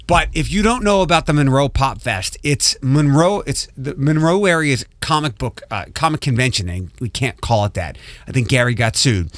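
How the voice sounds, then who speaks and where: A man's voice: mid-range voice, animated, moderate pace, hardly any pauses, fairly bright tone, dry recording. Rambling male radio host, dry sound. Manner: rambling, self-interrupting, reads show rundown. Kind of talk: casual morning radio chat. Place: radio studio. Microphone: studio microphone.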